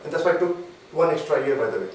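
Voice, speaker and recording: A man giving a motivational talk as a mentor, emphatic and repeating his key phrases, sometimes slowing down to dictate points. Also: on the high side, lively intonation. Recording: very echoey room, mic at a distance, faint noise.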